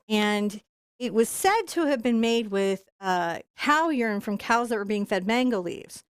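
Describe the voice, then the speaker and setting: A woman teaching a live painting tutorial in a soft, soothing voice as she paints. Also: mid-range voice, smooth, no echo, studio quality. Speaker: painting instructor.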